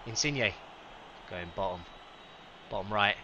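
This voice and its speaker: Excitable young man streaming a game. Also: fairly low pitch, unhurried, dull audio, a little hiss or hum. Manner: excitable, chatty, greets chat by name. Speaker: live streamer. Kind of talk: live gameplay stream, chatting with viewers.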